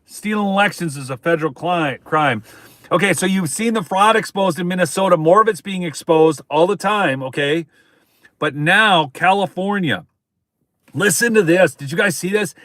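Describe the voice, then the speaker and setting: A man's voice: high voice, expressive, moderate pace, fairly bright tone, dry recording. A man hosting a live-stream political commentary show, talking emphatically to viewers, repeating his points and calling them folks.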